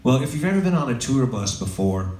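A man's voice: medium pitch, very animated, quick pace, slight background noise. A man, a songwriter, telling loose, joking stories to a live audience between songs. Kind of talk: stage storytelling between songs. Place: live music venue, on stage. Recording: echoey live room, heard from a distance, loud music.

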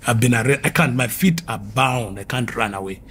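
A man's voice: mid-range voice, moderate pace, a bit bright, slight background noise. A man who was formerly an occultist gives an earnest, vivid spoken testimony, repeating phrases as he tells his story.

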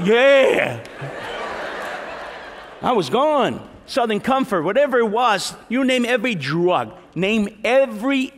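A middle-aged man, preaching a lively sermon testimony as a pastor and acting out the voices in his story. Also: high voice, a little hiss or hum. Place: large church hall. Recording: reverberant church hall.

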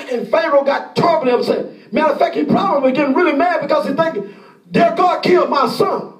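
A man preaching a sermon as pastor, impassioned and often shouting, acting out the pleas of the people he describes. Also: very high-pitched, a little fast, reverberant, recorded from a distance.

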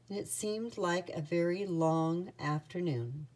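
A woman reading a children's picture book aloud with an expressive storytelling manner. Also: on the low side, takes it slowly, few pauses.

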